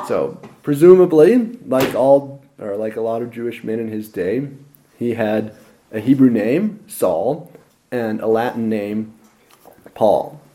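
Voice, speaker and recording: A man preaching a lively expository sermon with dramatic emphasis. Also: medium pitch, takes it slowly.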